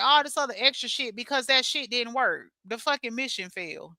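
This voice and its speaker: A woman hosting a casual livestream, reading chat comments aloud and answering them bluntly, cursing often and laughing loudly at her own jokes. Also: a little high, expressive, brisk, few pauses, no echo.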